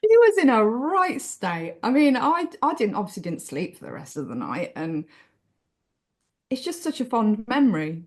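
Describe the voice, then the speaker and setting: Chatty English woman, fairly high voice. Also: moderate pace. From England. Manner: chatty and expressive, many restarts. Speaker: author guest. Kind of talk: casual interview storytelling.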